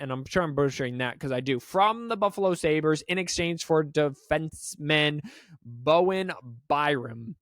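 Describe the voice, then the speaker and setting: A man's voice: on the high side, lively intonation, a little slow, fairly bright tone, no room sound, studio quality. A man hosting a sports podcast, giving emphatic, rambling opinions with frequent restarts. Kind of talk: opinionated solo sports talk.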